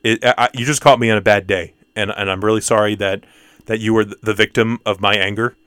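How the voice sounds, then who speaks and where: This movie podcast co-host chats casually, joking, mocking himself and letting sentences trail off. He talks fast in a lowish, steady voice that sounds bright and forceful. The studio sound is clean and smooth with no room noise.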